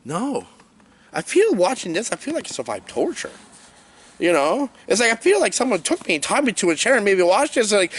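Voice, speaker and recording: A man giving a comedic, rambling movie review rant in an animated, jokey way. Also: high voice, brisk, husky.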